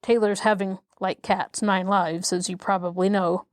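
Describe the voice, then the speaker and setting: A woman's voice: medium pitch, flat delivery, moderate pace, no echo, studio quality, natural voice. A woman reading aloud as a learned, pompous male insect who lectures in long, self-satisfied sentences.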